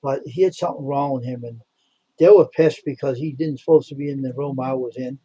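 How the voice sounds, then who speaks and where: A man tells a long, rambling story on a casual live stream, repeating himself and speaking bluntly. His voice is husky and dark in tone, at a middle pitch. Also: brisk, dry recording, muffled recording. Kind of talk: casual chat.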